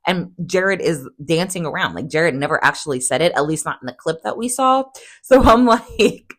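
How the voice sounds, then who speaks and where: She is a woman hosting a casual recap in a fairly low voice. She is chatty and sarcastic, and she acts out other people's quotes in much higher voices. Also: big pitch swings, moderate pace. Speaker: recap host.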